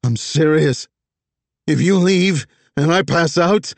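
A man voicing a wounded, crude male drug boss in pain, shouting and pleading frantically. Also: medium pitch, animated, slow pace, no room sound, voice pushed up. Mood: frantic shouting.

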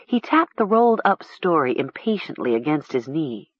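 A woman narrating a storybook in a measured, expressive way. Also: deep voice, breathy edge, no room sound. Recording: dull lo-fi recording.

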